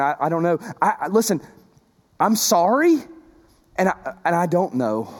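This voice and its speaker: A man's voice: sits high, very animated, moderate pace, big-room sound. A male pastor preaching a sermon in a conversational, emphatic way, repeating words and adding asides to the congregation.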